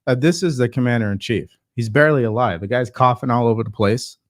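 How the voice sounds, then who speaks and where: A man hosting casual political commentary, talking slowly with lots of fillers and a sarcastic edge. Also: mid-range voice, dry recording, clean studio sound. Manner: slow, hesitant with many fillers, sarcastic.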